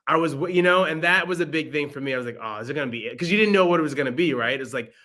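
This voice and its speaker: Young male podcast co-host, bright tone, animated jokey delivery, laughs a lot. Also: fairly high pitch, rapid-fire. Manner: animated, joking, laughs often. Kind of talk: casual movie review chat.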